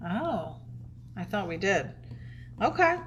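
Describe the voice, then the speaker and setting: A woman's voice: medium pitch, big pitch swings, slow pace, fairly bright tone, dull audio, a little hiss or hum. A woman co-hosting a live stream, chatting casually and reading out viewer comments.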